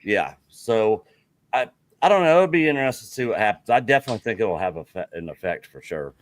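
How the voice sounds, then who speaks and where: A man's voice: fairly low pitch, lively intonation, fast talker. A man co-hosting a casual livestream chat, rambling and filler-heavy. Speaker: co-host.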